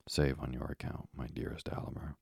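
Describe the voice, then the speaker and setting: A man's voice: a bass voice, moderate pace, dry recording, full character voice. A man whispering as a firm, devoted young wife. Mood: firm hushed. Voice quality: breathy whisper. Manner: calm, firm. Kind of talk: whispered role-play.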